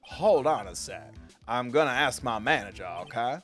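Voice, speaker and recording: A man's voice: medium pitch, expressive, fairly bright tone, soft background music, lightly acted. A man voicing a laid-back young dude in a video game, with a Southern drawl and an easygoing way of talking. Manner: slow, easygoing, saying dude.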